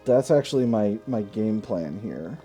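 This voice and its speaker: A man's voice: fairly low pitch, animated, measured pace, mellow, faint music behind. A man hosting a strategy game let's play, talking casually and thinking aloud with asides and self-corrections. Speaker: gaming video host.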